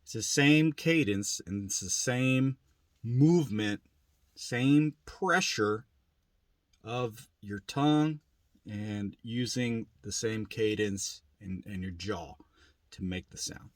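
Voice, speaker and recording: A man's voice: on the low side, slow pace, no echo. A man giving a plain-spoken, casual lesson on turkey calling, repeating his points as he goes. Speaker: turkey hunting instructor. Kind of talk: casual instructional demo.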